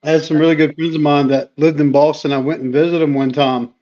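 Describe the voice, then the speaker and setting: A man with a slightly high voice jokes around on a casual livestream, spinning self-mocking stories in an easy, chatty way. His audio is dull and lo-fi, like a stream call. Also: fairly even intonation, fast, a little mellow. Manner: joking, tells funny stories. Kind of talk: casual chat.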